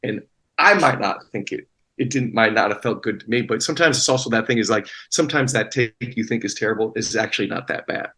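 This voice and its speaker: A man's voice: lowish voice, fast, bright, forceful tone, low-quality recording. A man talking as a guest actor in a casual interview, rambling with many restarts and fillers.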